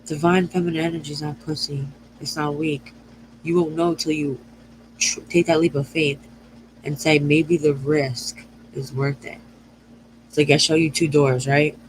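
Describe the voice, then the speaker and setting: A woman's voice: low voice, level tone, normal speed, a little hiss or hum, low-quality recording. A woman talking straight to her viewers in a loose, channeled astrology reading. She wanders from thought to thought, stumbles over her own phrasing and restarts it, and swears without a second thought. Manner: rambling, profane, self-correcting. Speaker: astrology and tarot reader.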